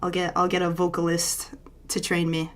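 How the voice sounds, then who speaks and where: A woman streamer chatting casually with her live chat, bubbly and self-deprecating, talking in quick bursts with giggles. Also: lowish voice, completely flat delivery.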